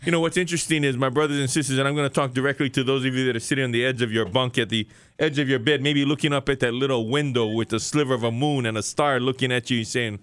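A man's voice: medium pitch, fast talker, a bit bright, no room sound. A man with a Hawaiian Pidgin accent preaching a folksy sermon, building to emphatic questions.

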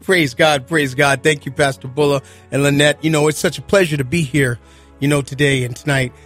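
A man's voice: on the high side, fairly even intonation, a little fast, a bit bright, soft background music. A man visiting a radio studio as a ministry guest, preaching fervently and repeating his amens.

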